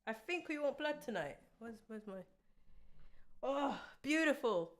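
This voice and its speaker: Excitable woman calling football live. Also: sits high, unhurried. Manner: excitable, bursts into cheers and shouts at goals; running play-by-play of passes. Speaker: watchalong streamer. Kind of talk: live football watchalong commentary.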